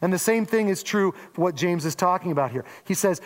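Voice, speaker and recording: A man's voice: fairly high pitch, moderate pace, few pauses, long reverb tail. A man from Oregon preaching a conversational sermon as a pastor, with playful acted-out asides. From Oregon, USA.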